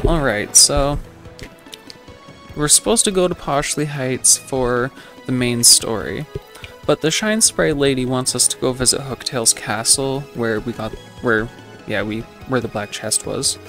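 A man's voice: medium pitch, measured pace, fairly bright tone, faint music behind. Rambling man commenting on a game. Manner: rambling, self-deprecating, many fillers. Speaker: gaming channel host. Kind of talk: casual let's play commentary.

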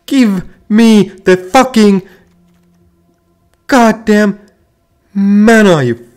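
A man's voice: high-pitched, extremely slow, darkish tone. A man ranting and swearing constantly while playing a card game, frustrated and repeating himself. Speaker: gamer. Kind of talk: ranting gameplay commentary.

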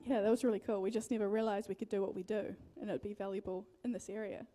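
A woman's voice: medium pitch, fairly even intonation, fast talker, mellow. A woman with a New Zealand accent sharing a testimony in a church talk, hesitant and searching for her next point. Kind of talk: casual sermon storytelling.

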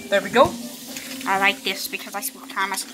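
A woman's voice: mid-range voice, fairly even intonation, normal speed, over music, rough recording. A woman playing with toy trains, chattering playfully and bossily as she voices the engines. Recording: clear background noise. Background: background noise.

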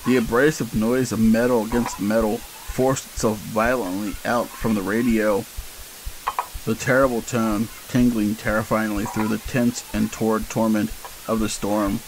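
A man's voice: on the low side, little pitch movement, a little slow, noisy background. A man giving a dramatic, intense narration of a first-person horror story.

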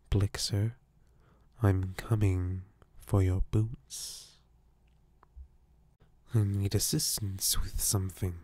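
A snarky male character, as a man acts him out, teases fans in a whispered role-play, his soft breathy whisper drawn out very slowly. The voice sits low and mellow. His mock-soothing delivery stays deadpan throughout. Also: no room sound.

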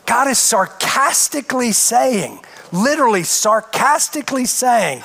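Guy preaching, fairly high voice, punchy rhetorical questions. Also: sing-song, moderate pace, vocal fry, hardly any pauses, bright, forceful tone. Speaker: pastor. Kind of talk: sermon.

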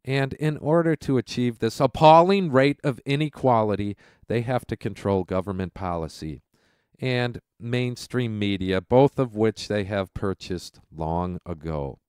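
A man's voice: fairly low pitch, a little slow, a little mellow, clean tone, no room sound, studio quality. A male radio host delivering a heated, sarcastic political rant from home, his voice stuffy and congested from a cold.

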